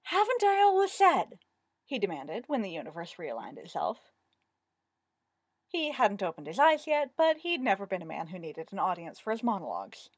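A woman narrating a fantasy story with a lively, expressive delivery. Her voice rises and falls widely, recorded close and dry with no room sound. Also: fairly low pitch, normal speed, slightly rough, no room sound. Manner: expressive, lively read-aloud. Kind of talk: storybook reading.

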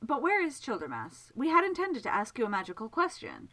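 A woman's voice: fairly high pitch, wildly swooping pitch, brisk, sharp tone, voice pushed up, exaggerated voice. A woman voicing a shy, polite male scholar-magician who speaks earnestly and a little timidly.

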